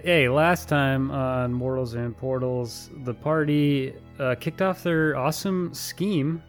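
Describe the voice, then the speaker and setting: A man hosting a tabletop role-play podcast as game master, bantering with players and recapping the last session. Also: medium pitch. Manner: joking banter then recapping the story.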